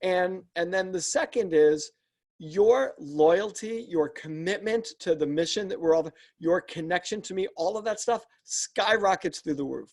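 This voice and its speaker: A man's voice: high voice, animated, unhurried. A man, a leadership coach and podcast guest, explains his work earnestly and step by step, often restarting sentences. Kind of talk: explanatory interview talk.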